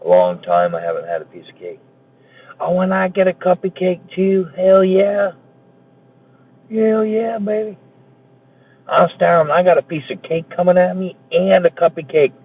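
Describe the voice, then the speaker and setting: A man's voice: on the high side, lively intonation, brisk, slight background noise. A man live streaming, joking and swearing casually as he chats with viewers and thanks them for gifts. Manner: profane, jokey banter with chat. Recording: tinny phone-like sound.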